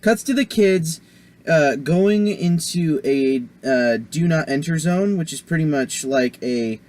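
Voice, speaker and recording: A man's voice: on the high side, takes it slowly, a little mellow. A man giving a casual movie review on his vlog, rambling with many fillers and self-corrections.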